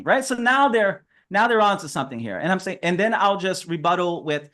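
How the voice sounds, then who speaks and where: A man with a notably high voice runs a relaxed training session over a video call. He talks in a chatty, upbeat way and laughs often as he walks through his advice. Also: fairly quick, hardly any pauses. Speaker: sales trainer. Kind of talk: casual training talk.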